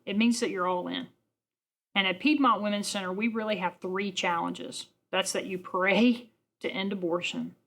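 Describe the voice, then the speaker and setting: A woman's voice: mid-range voice, creaky, a bit bright. Earnest woman making an appeal. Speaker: pregnancy center representative. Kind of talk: speaking at a fundraising event.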